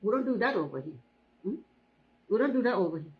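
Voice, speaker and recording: A woman's voice: mid-range voice, big pitch swings, fast, narrow, tinny audio. A woman running her hair braiding business, talking to viewers on a live stream, emphatic and repeating herself, often asking "hmm?". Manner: emphatic, repeats phrases, often asks 'hmm?'.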